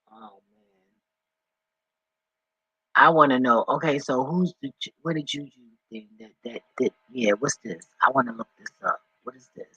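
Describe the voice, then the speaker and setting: A man talking off the cuff in a vlog, rambling and excitable, swearing often as he reads and reacts. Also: mid-range voice, measured pace, pauses often, breathy edge, dry recording, poor audio. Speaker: vlogger.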